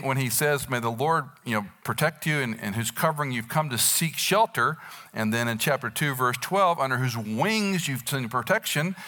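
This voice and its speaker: A man's voice: medium pitch, sharp tone. A man in his sixties preaching a sermon, telling a Bible story and acting out the quotes with animation. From United States. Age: 60s. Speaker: pastor.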